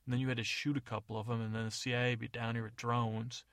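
A man delivering a loose, improvised comic monologue with deadpan asides. His voice has a gravelly, rough edge. The sound is dry and close, with no room echo. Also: medium pitch, quick pace. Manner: rambling, self-correcting, deadpan asides. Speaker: comedy podcast narrator.

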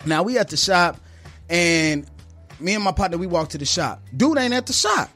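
A barber telling a story in casual chat, animated, acting out the people in it, slangy and profane. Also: male voice, sits high, moderate pace, faint music behind. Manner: animated, acts out voices in his story; slangy, profane street talk.

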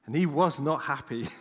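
A man preaching a sermon at an ordinary mid pitch, telling a personal story in a frank, chatty way. He drops quick asides to the congregation. His voice rings through a large hall with a long reverb. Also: slightly rough. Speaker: pastor.

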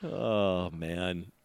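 Rambling low-voiced podcast guy. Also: creaky, no echo. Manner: rambling, teasing, laughs often. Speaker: podcast co-host. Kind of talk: casual sports banter.

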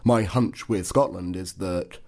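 A man giving measured, speculative political analysis as a podcast panelist. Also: low-pitched, a little mellow. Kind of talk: analytical discussion.

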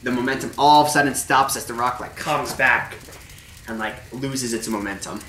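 A man's voice: mid-range voice, normal speed, sharp tone, recorded from a distance, slight background noise. A man running a tabletop game as game master, narrating in a loose, filler-heavy way. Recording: echoey room, off-mic.

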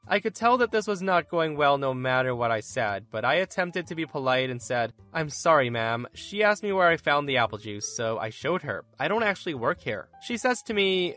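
A man hosting a podcast, reading stories aloud in an animated storytelling way. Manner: animated storytelling with lively pitch.

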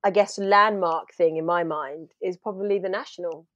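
Woman, actor guest on an interview, lively storyteller, dry close sound. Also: fairly low pitch, moderate pace, dry recording, highs cut off. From half Trinidadian. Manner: animated storytelling, acts out her own past lines. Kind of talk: casual interview chat.

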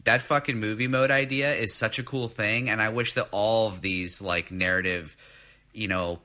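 A man's voice: fairly low pitch, steady tone, normal speed, bright, forceful tone. A man casually chatting about video games, easygoing, with hesitant restarts.

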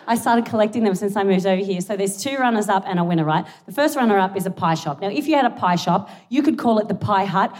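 A young Australian woman with an Australian accent doing live stand-up comedy on a big theatre stage, excitable and giggly, poking fun at herself. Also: medium pitch. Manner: excitable, giggly and self-deprecating. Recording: live theatre recording with crowd noise. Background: audience laughing and cheering.

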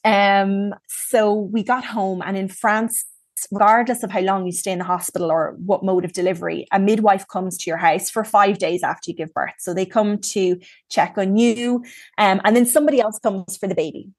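A woman's voice: mid-range voice, steady tone, normal speed, dry recording. A woman from Ireland, speaking as a guest and frankly telling her own story in casual conversation, with plenty of ums and likes.

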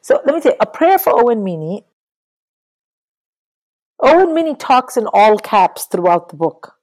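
A middle-aged woman talking casually about books in an interview, animated and swearing freely. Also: on the high side, a little slow, low-quality recording. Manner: animated, swears, mimics people in quotes. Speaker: guest.

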